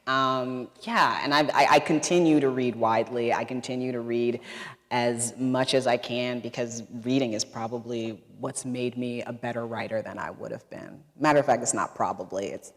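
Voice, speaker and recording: A woman's voice: rumbling low, normal speed. Earnest woman author in a reverberant hall. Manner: earnest, laughs often. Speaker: visiting author answering audience questions. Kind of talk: live talk and Q&A. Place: large hall before a masked audience.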